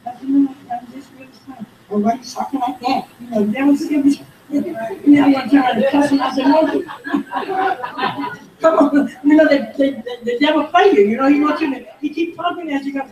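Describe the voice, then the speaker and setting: A woman leading a Bible study, animated and calling for amens as she reads scripture. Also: high-pitched, a little fast, crowd noise. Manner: animated, calls for amen, reads scripture aloud. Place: church room. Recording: roomy, distant mic, faint background.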